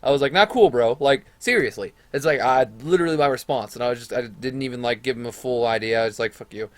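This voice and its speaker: A man's voice: mid-range voice, quick pace, no echo. A young man telling a school story in a casual vlog, rambling and profane, acting out what others said. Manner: rambling, profane, animated retelling with quoted voices.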